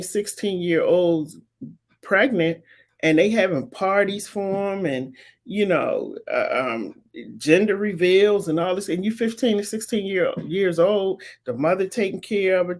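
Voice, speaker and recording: Emphatic fifty-something woman commentator. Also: fairly low pitch. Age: 50s. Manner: emphatic, repetitive, preacherly insistence. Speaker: talk show host. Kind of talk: live-streamed commentary answering viewers.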